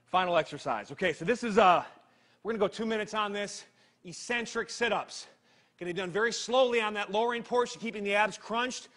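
High-voiced man coaching a workout. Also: fairly quick. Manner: energetic, joking, counts down reps. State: straining while exercising. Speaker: fitness trainer.

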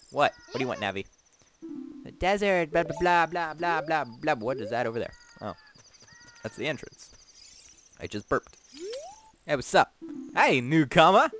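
A man's voice: on the high side, pushed and bright, slight background noise. A man giving goofy, rambling commentary while playing a video game, often talking back to the characters. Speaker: let's play gamer. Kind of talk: casual gameplay commentary.

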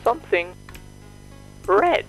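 A woman's voice: medium pitch, big pitch swings, slow, soft background music, low-quality recording. Woman doing a creepy-cheery cartoon apple from a game, sing-songy, super friendly, voice bouncing all over. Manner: sing-song, overly friendly. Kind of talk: video game character dialogue.

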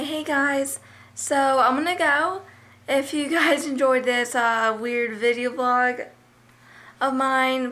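A teenage girl vlogging outdoors in her yard, excitable and swearing a lot as she calls her dogs. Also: high-pitched. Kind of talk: casual vlog. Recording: noisy outdoor ambience.

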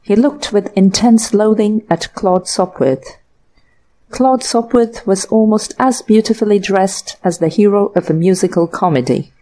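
A woman narrating an audiobook short story in a measured, unhurried way. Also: mid-range voice, warm tone. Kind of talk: scripted narration.

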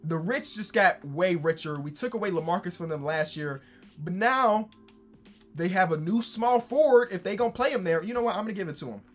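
A man giving casual, excitable commentary over a basketball video game, swinging from hyped shouts to dry asides. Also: high-pitched, fairly quick, soft background music. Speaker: basketball gaming YouTuber.

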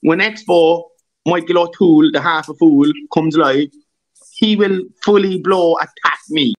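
A man's voice: fairly high pitch, steady tone, measured pace, poor audio. A man hosting a live-stream panel, ranting abusively with heavy swearing and repeated insults. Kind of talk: angry live-stream rant.

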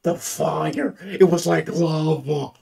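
A man excitedly ranting about a film, gushing and swearing with lots of exclamations. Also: fairly high pitch, takes it slowly, vocal fry, slightly rough. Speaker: movie reviewer. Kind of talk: excited movie rant.

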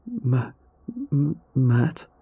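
A man's voice: fairly low pitch, lively intonation, moderate pace, warm tone, husky. A man doing a terrified stammering man. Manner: stuttering, voice breaking with fear. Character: terrified man stammering in deep-sea peril.

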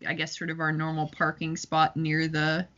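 A woman chatting as a tabletop game player, with wry, quick asides, in a slightly muffled recording. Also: low-pitched, completely flat delivery, fairly bright tone. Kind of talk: casual tabletop game chat.

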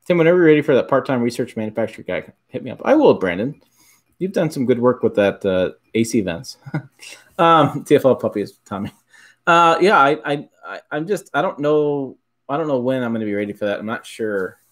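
A man's voice: medium pitch, animated, brisk. Middle-aged michigan guy hosting a livestream, rambly, keeps correcting himself, regular mid voice. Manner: rambling, self-correcting, chuckles often. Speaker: livestream host. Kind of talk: casual livestream chat answering viewers.

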